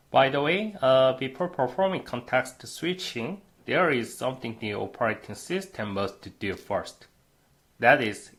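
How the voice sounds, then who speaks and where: Lively-pitched man giving a lecture. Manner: frequent "uh" fillers, steady explanatory delivery. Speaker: university lecturer. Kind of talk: recorded class lecture.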